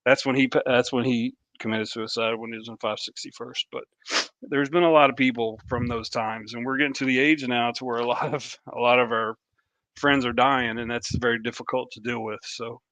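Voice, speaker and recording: A middle-aged man, a veteran co-hosting a podcast, speaking earnestly and haltingly, with frequent restarts. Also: mid-range voice, fairly even intonation, fairly bright tone, no room sound, dull audio. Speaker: podcast co-host, army veteran. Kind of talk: candid podcast talk. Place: remote podcast call.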